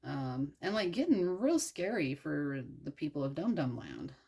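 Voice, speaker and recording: Crafting as she talks, a young adult woman from the United States rambles through a story in a laid-back, irreverent, foul-mouthed way, packed with fillers. She has a deep, gravelly, mellow voice, slightly rough and sing-song, at a measured pace.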